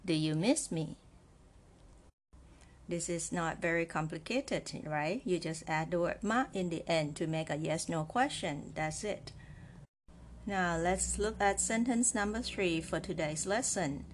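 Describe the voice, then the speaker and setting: A woman gives a Chinese lesson at an unhurried pace, her voice sitting a little low. She explains patiently step by step, repeats each example phrase, and keeps checking in with "right?". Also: slight background noise. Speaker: Chinese language teacher. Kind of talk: slow, patient spoken lesson.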